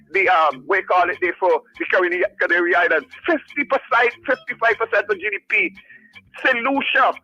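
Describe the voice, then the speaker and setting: A man's voice: very high voice, bright, forceful tone. A man calling in to a radio talk show, speaking with impassioned, repetitive, preachy fervor over a phone line. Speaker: caller. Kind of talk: passionate call-in radio rant. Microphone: phone call.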